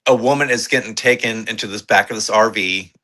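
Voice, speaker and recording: A man co-hosting a podcast, reviewing movies in casual, excitable chat, swearing freely and rambling with fillers. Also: fairly low pitch, fairly quick. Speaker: podcast co-host.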